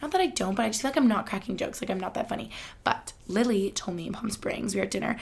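Twenties female podcast host, upbeat rambling chat, heavy fry. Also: on the high side, lively intonation, quick pace, fairly bright tone. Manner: chatty, upbeat, many "like" fillers, laughs often. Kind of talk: casual chat.

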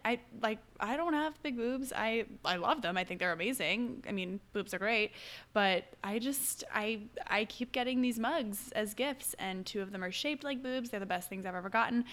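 A woman's voice: mid-range voice, fairly bright tone. A young adult woman hosting a casual solo podcast, chatty and upbeat with rambling asides. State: hiccuping. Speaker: podcast host.

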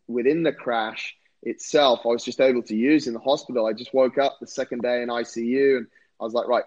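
A man telling a story in casual conversation, animated and repeating words as he gets going. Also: mid-range voice, dull audio. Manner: animated, repeats words when excited, says "mate". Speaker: podcast guest, former rugby player and endurance athlete.

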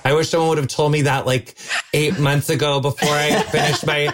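A man hosting a podcast interview in a playful, jokey way with quick asides and self-interruptions. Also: on the high side, little pitch movement, fairly bright tone, a little hiss or hum. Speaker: podcast host. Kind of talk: casual interview chat.

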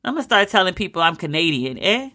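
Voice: medium pitch, normal speed, bright, forceful tone. An American podcast host in a profane, exasperated comedic rant, firing off incredulous rhetorical questions. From United States.

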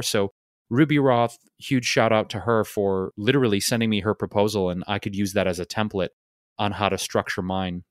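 Podcast co-host, man, lowish voice, dry close sound, loose storyteller. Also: moderate pace, no room sound. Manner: relaxed, rambling, many fillers. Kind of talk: casual storytelling.

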